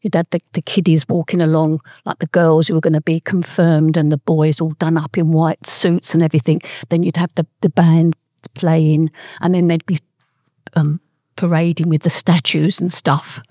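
An older woman recalling her East End childhood in a rambling, halting way. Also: low-pitched, little pitch movement, mellow, no echo, clean studio sound. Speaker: interviewee. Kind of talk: oral history reminiscence.

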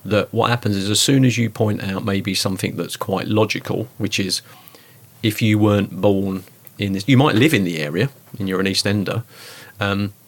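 Man, Cockney accent, gravelly, low-pitched, chatty interview guest. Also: normal speed. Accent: London Cockney. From East London. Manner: chatty, acts out quoted dialogue. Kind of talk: casual conversation.

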